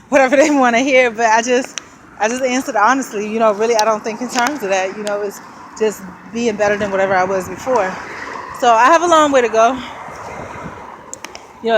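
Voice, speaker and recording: A woman vlogging while walking outdoors, out of breath, rambling and thinking aloud with frequent small laughs. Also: mid-range voice. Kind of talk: casual walking vlog. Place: outdoors on a city street with traffic. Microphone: handheld camera while walking. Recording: street noise and passing traffic. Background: traffic and street ambience.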